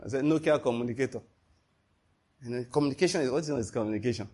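Husky male preacher. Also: medium pitch, very fast. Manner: animated and emphatic, full of rhetorical questions. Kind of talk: sermon.

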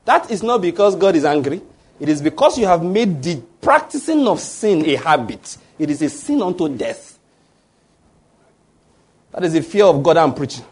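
Male pastor, high voice, husky, preaching a sermon with call-out questions. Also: big pitch swings, normal speed. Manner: asks the congregation rhetorical fill-in questions.

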